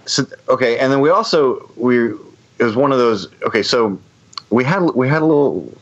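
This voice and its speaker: A man's voice: medium pitch, lively intonation, normal speed, highs cut off. A man telling a long story on a podcast, rambling with many restarts and fillers. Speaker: podcast guest. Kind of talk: casual storytelling.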